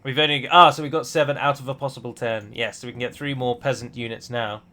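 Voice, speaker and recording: Man, game commentary, chatty, self-deprecating, bright tone, mid pitch. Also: steady tone, fast. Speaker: game streamer. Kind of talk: let's play commentary.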